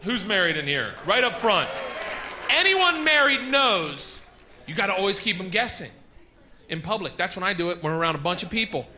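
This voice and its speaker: Rowdy high-voiced man doing stand-up. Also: very animated, moderate pace. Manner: loud, rowdy storytelling with shouted bits. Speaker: stand-up comedian. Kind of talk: stand-up set. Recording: noisy live stage recording.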